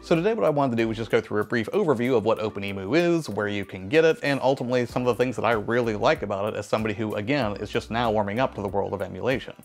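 A young man talks quickly in a low voice, hosting a tech video with a relaxed, chatty voice-over. He narrates a scripted overview and sometimes stops to correct himself. Faint music plays underneath.

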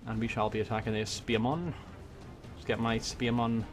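A man from Wales with a Welsh accent, giving excitable let's-play commentary on a strategy game into a desk microphone, swearing and muttering to himself as he plays. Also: lowish voice, moderate pace, faint music behind. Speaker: gaming YouTuber. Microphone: desk USB microphone.

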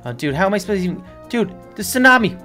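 An excitable woman narrates her game out loud, her pitch leaping up and down as she exclaims. She laughs often and talks to her co-player, with faint music under her voice. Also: very fast. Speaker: let's play gamer. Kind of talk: excited gaming commentary.

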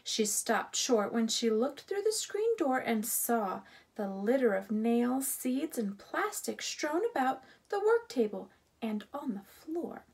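A woman reads a children's storybook aloud, telling it with expressive, animated delivery. Her voice sits fairly high and moves up and down a great deal. She keeps an unhurried pace, with a slightly husky tone. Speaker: storybook reader.

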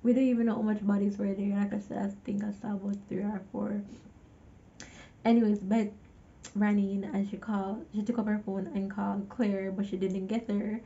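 A woman's voice: medium pitch, little pitch movement, normal speed, gravelly, mellow, dull audio. A woman giving a casual movie recap, chatty, with exasperated asides to the viewer. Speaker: movie reviewer.

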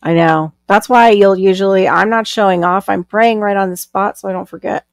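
Gravelly woman chatting on a live stream, reads comments out, laughs a lot, dry sound. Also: mid-range voice, fairly even intonation, moderate pace, no echo. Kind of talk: casual live-stream chat.

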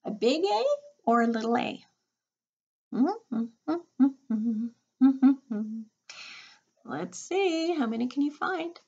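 A woman's voice: high voice, lively intonation, very slow, long pauses, warm tone, slightly rough, highs cut off. A woman teacher reading a picture book aloud to children, playful and sing-song. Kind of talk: read-aloud lesson for children.

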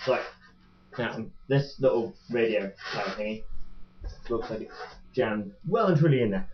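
A man's voice: fairly low pitch, animated, moderate pace, slight background noise. A young man chatting casually as he unboxes a toy boat, rambling and joking to his webcam. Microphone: webcam mic. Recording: dull lo-fi webcam audio.

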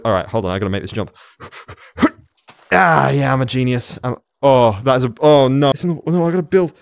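A man commenting on his own video game play as he moves around his room at home, excitable, talking to himself and laughing often. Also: medium pitch, moderate pace, gravelly, dry recording. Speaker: gamer.

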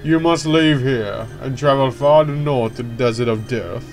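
A man's voice: fairly low pitch, steady tone, unhurried, a bit bright. A man voicing a solemn ancient male elder who speaks in a grave, formal, ceremonial way, while faint game music plays behind him.

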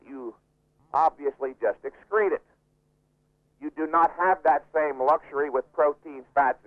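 A man's voice: fairly high pitch, no room sound. A man being interviewed, explaining in an emphatic, lecturing way and repeating his key points. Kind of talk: radio interview. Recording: dry, phone-like radio recording.

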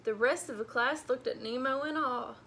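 A woman librarian reading a storybook aloud to children in an animated way, speaking to them directly. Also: high voice, normal speed, a little hiss or hum.

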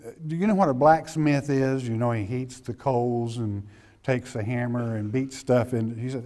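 A man's voice: mid-range voice, moderate pace, warm tone. A middle-aged man preaching an expository sermon verse by verse in a folksy, emphatic way, often checking in with his listeners.

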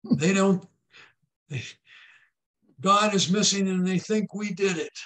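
A mischievous little boy, as a man telling a joke puts him on. He speaks earnestly and a little breathlessly, in a fairly high voice. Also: slow pace, a bit bright. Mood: alarmed. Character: mischievous young boy, nervous.

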